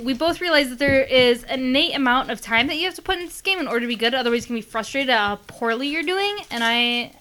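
Blunt high bright-voiced woman. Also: a little hiss or hum. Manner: blunt, straightforward. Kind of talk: casual chat.

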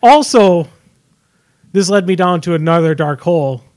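A man's voice: high-pitched, expressive, normal speed, a little mellow. A man co-hosting a podcast in casual chat, joking and complaining. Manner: joking, complaining, sings along. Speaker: podcast co-host.

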